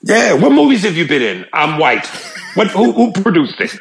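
A man co-hosting a podcast in casual banter, animated and quick to slip into quoted voices. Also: sits high, gravelly. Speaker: podcast co-host.

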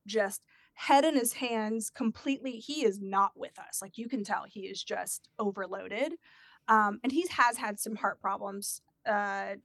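Here a woman with a mid-range voice shares a personal anecdote in a relaxed chat, animated and imitating the people she quotes. It's a clean studio recording with no room sound.

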